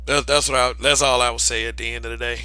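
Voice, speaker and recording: A man talks frankly in a loose podcast chat, with a very bright, forceful tone. He often restarts his sentences and presses his points hard. The sound is dry and close. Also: medium pitch, level tone, fast, smooth, no echo, rough recording. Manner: emphatic, many restarts, laughs between points. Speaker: podcast co-host. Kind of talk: casual discussion.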